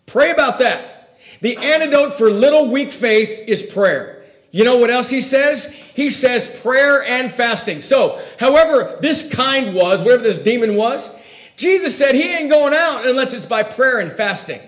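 A man preaching a sermon in a folksy way, swinging between loud emphasis and hushed asides. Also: very high-pitched, animated, unhurried, reverberant.

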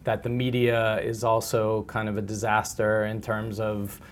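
A man's voice: on the low side, completely flat delivery, a little slow, a little hiss or hum. A man interviewing an author, speaking reflectively and hedging his points with frequent fillers. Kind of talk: casual conversation.

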